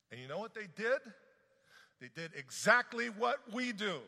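A male preacher with a bright, forceful tone talks through scripture in a conversational, animated style. His pitch swings widely, and his voice sits a little above the usual for a man. Long reverb from a large hall trails behind every phrase. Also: unhurried. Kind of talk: sermon.

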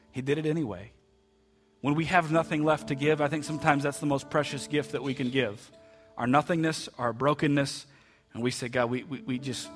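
A man preaching a heartfelt sermon in a church, often repeating words and dropping to a soft voice for quoted lines. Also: medium pitch. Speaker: pastor. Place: church sanctuary.

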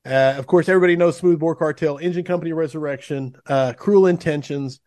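A man's voice: fairly high pitch, brisk, a little mellow. Upbeat man hosting a podcast. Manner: upbeat, gushing, drops fillers. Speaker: podcast host. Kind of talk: show intro and sponsor reads.

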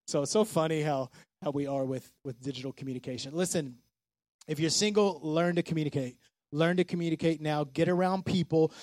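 A man gives a casual sermon in a fairly high voice. He preaches with animation and slips into quick impressions of the people he talks about. The sound is close and dry. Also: darkish tone, no room sound. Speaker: pastor.

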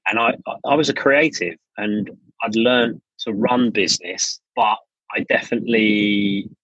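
A man's voice: lowish voice, a little slow, fairly bright tone, slightly rough, no room sound. A middle-aged English man, a studio founder, chatting casually as a podcast guest and telling stories with frequent restarts. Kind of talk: casual interview storytelling. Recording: dull lo-fi podcast audio.

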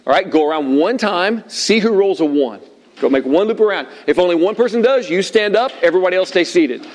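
Middle-aged male pastor, slightly high voice, lively storyteller sermon to a seated crowd. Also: fairly quick. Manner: animated storyteller, acts out shouted quotes. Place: room with tables of listeners.

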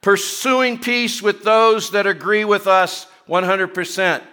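Bright-voiced male pastor preaching. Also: steady tone, slow pace, smooth. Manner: chatty, self-deprecating asides between scripture readings; rising in pitch and force when reading and pressing scripture. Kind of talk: sermon.

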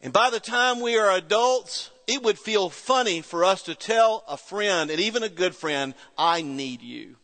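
A middle-aged man preaching a sermon, telling a story with pauses and soft quoted voices. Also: high voice. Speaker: pastor. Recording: reverberant church hall.

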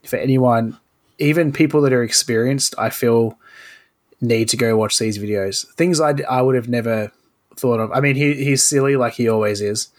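A man's voice: mid-range voice, normal speed. A man who is a podcast regular in casual chat, making dry, blunt remarks.

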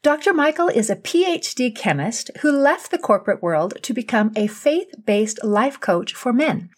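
A woman hosting an interview podcast, welcoming her guest warmly. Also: a little high, animated, moderate pace. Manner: warm, welcoming. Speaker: podcast host.

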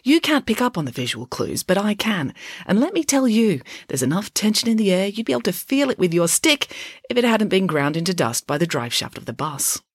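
A bossy, self-assured girl, voiced by a woman reading aloud speaks high and bright with a sweeping, lively pitch. She sounds smug and persuasive, close to the mic in a dry room. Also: husky, no room sound. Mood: knowing. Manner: smug, persuasive, fast-talking. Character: bossy know-it-all girl, very confident.

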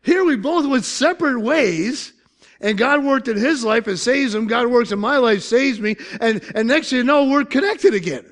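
An older man with an Upstate New York accent, preaching a lively, joking sermon as pastor. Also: very high-pitched, moderate pace. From Syracuse, New York. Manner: animated, joking storytelling with laughs.

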